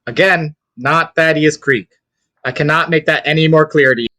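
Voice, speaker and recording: A man's voice: fairly high pitch, moderate pace, bright, forceful tone, no room sound. A man playing a tabletop game, often stammering and restarting. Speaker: player. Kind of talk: casual tabletop play.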